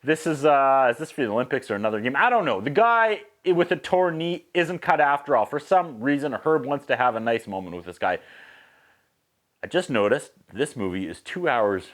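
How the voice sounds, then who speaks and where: A man from Canada, casually recapping a movie as a reviewer, lively and mimicking sound effects. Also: mid-range voice, normal speed. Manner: animated, mimics whistles and acts out quotes.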